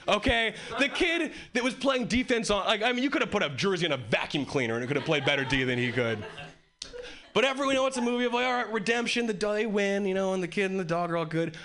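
A man doing a stand-up comedy set in a club, telling crude stories in an animated way. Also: high-pitched. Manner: animated storytelling with crude jokes. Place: comedy club with a live audience. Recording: live club recording with loud crowd. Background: crowd laughing.

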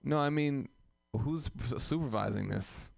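A man's voice: medium pitch, unhurried, gravelly. A man hosting a comedy open mic who riffs on the audience in a profane, rambling, teasing way in a small live room. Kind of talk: live crowd work banter.

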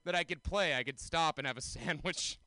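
A man in his twenties performing a self-mocking stand-up set, often jumping into high mocking voices. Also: a little fast, pushed and bright, no room sound. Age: 20s. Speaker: stand-up comedian.

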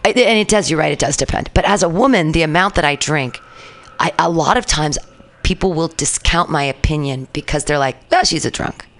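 A woman's voice: low voice, brisk. Chatty jokey woman comedian. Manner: chatty, jokey, self-deprecating. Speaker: comedian podcast host. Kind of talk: casual podcast chat.

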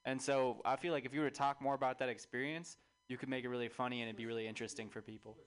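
A man's voice: mid-range voice, level tone, racing, smooth. A man giving encouraging, rambling feedback to a comic, full of fillers.

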